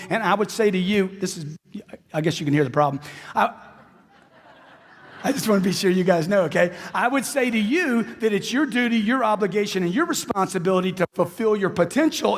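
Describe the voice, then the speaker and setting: Brief: middle-aged male sales trainer, high-pitched and punchy, repeats lines for effect, long hall reverb. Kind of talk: live seminar talk. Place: large hall with a live audience.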